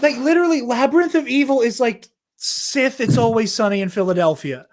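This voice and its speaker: A man co-hosting a podcast, telling a story in an animated, profane way in casual chat. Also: very high-pitched, brisk, background noise. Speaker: podcast co-host.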